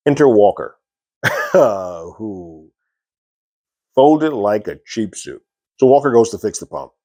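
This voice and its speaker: Brief: male TV reviewer with a low voice, relaxed recap full of fillers, dry close sound. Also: slow pace, no echo. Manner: loose recap with frequent fillers, retelling scenes in quoted dialogue. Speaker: TV episode reviewer. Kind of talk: casual spoken review.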